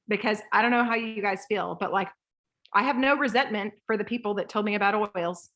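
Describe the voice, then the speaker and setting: A woman in her thirties coaching a group call, lively and rambling, acting out voices as she talks. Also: medium pitch, brisk.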